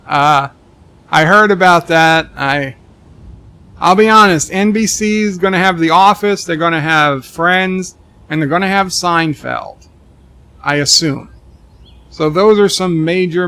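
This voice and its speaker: A male game streamer reads his viewers' comments aloud and answers with deadpan jokes. His voice sits fairly high and bright, with a sharp edge over a gravelly rasp. He drifts into rambling asides full of restarts. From Texas. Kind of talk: live-stream chat reading while gaming.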